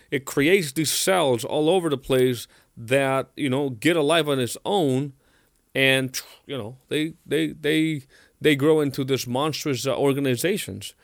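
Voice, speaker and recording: A man's voice: medium pitch, no echo. Man interviewing, dry close sound. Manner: thoughtful, hesitant with fillers. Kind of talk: conversational interview.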